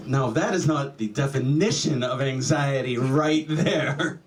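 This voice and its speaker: A man performing a stand-up comedy set, sardonic and profane, often jumping into high yelps and mock voices. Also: a little slow, few pauses. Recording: distant mic with noticeable room ambience.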